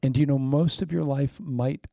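Middle-aged guy preaching, gravelly mellow voice, cracks jokes and laughs as he goes. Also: mid-range voice, fairly even intonation, normal speed, no echo, clean studio sound. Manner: joking, conversational, with laughing asides. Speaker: pastor. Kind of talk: sermon.

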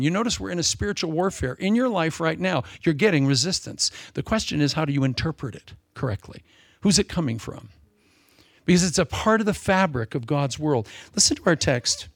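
A man preaching a sermon as pastor, animated and playful, acting out little quoted exchanges. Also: on the high side, no echo, studio quality.

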